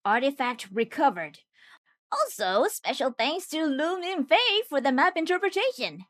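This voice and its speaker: A woman's voice: high-pitched, sing-song, measured pace, fairly bright tone. A woman narrating a scripted anime recap with jokey, wisecracking asides.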